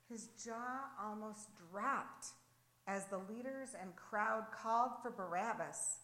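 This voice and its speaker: A woman reads a devotional story slowly and earnestly, with dramatic weight, and then leads a prayer. Her voice sits at a middle pitch and carries a roomy echo. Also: pushed and bright. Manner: earnest, slow, dramatic reading. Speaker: devotional reader leading prayer.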